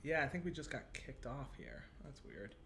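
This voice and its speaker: A man's voice: medium pitch, huge pitch swings, moderate pace, creaky, bright, forceful tone, slight background noise. A man hosting a casual livestream, chatty and upbeat, talking to viewers over a webcam. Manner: upbeat, chatty, many fillers. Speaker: livestream host. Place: Santa Monica, Los Angeles.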